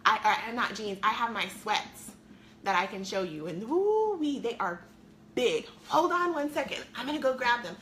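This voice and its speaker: A woman's voice: on the high side, expressive, normal speed, background noise. A middle-aged woman chatting to viewers on a live stream from her home, a weight-loss coach in an upbeat, talkative manner.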